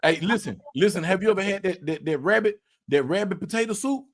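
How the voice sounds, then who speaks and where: Animated man telling a story. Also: high-pitched, brisk. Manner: animated storyteller, repeats words, cusses, acts out quotes. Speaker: podcast host. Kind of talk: casual storytelling chat.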